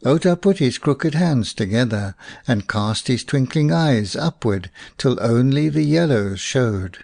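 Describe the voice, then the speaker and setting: A man narrating a folk tale audiobook in a slow, expressive storytelling voice. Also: mid-range voice, gravelly, no room sound, studio quality.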